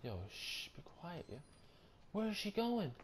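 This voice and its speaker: A young man doing casual let's-play commentary on a horror game, loud, joking and slangy. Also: high-pitched, sing-song, a little slow, a little hiss or hum. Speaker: gameplay streamer.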